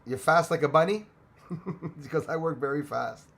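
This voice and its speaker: A man's voice: a little high, moderate pace, creaky, a bit bright. A middle-aged man from Canada hosting a casual live stream, greeting viewers by name and sometimes switching into French.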